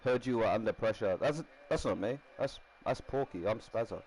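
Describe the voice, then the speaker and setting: A man's voice: fairly low pitch, normal speed, darkish tone, breathy edge, rough recording. A man casually commenting while building a rugby team in a game, rambling and laughing often. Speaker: gaming streamer.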